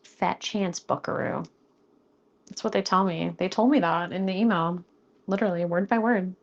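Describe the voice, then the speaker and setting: A young woman with a mid-range voice cooks on a live stream, talking playfully with her viewers and joking with chat, speeding up when she gets flustered. She's close to a studio mic, and the highs are cut off.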